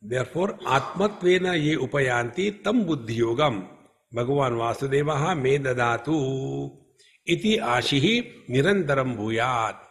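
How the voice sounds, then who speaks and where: A man giving a spiritual discourse at a retreat, speaking slowly and emphatically and chanting Sanskrit verses. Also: mid-range voice, animated. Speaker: spiritual teacher. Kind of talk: scriptural discourse. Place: retreat hall.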